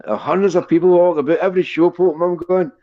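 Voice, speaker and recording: A man's voice: high voice, fairly even intonation, quick pace, dull audio. A man with a Scottish accent chatting casually, rambling and swearing as he tells jokes. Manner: sweary, rambling joke-teller. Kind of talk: casual street chat.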